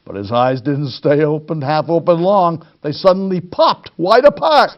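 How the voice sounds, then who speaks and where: A man's voice: a little high, lively intonation, moderate pace, highs cut off, slight background noise. A man reading a children's storybook aloud expressively, addressing young listeners. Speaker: storytime reader.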